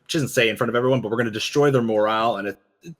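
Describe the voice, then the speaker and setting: Husky man rambling through a discussion. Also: mid-range voice, rapid-fire, a bit bright. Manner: rambling, frequent restarts and fillers. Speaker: podcast co-host. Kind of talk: casual discussion of a game cinematic.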